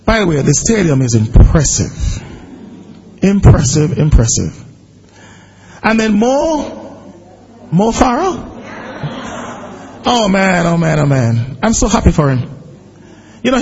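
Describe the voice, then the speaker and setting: High-voiced pastor telling a story. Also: male voice, a little slow, long pauses, dull audio. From Jamaica. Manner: animated storytelling, bursts into shouting when excited. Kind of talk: sermon with a personal story.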